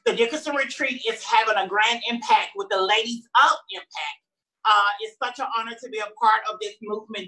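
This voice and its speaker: A woman emceeing a live-streamed event, teasing the audience with sassy, playful banter between welcomes and introductions. Her voice is bright and forceful, in a middle pitch for a woman, and carries the easy confidence of someone working a room. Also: low-quality recording.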